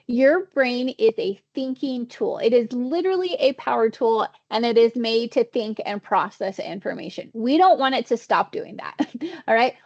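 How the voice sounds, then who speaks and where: A woman trainer speaks casually over a video call, often checking in with her listeners. Her voice sits a little high with a gravelly fry. The audio is dull and lo-fi. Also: no echo. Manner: conversational, checks in with "all right?". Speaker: workshop trainer. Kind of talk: online training session.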